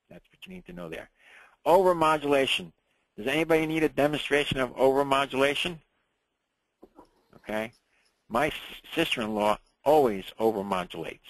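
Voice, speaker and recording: A man teaching a ham radio class in a relaxed, chatty way, often checking in with the room. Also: mid-range voice, moderate pace, pauses often, background noise.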